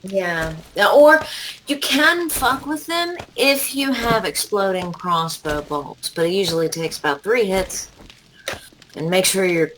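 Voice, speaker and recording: A woman playing along in casual gaming chat, calmly giving game tips. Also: mid-range voice, unhurried, noisy background. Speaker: co-player.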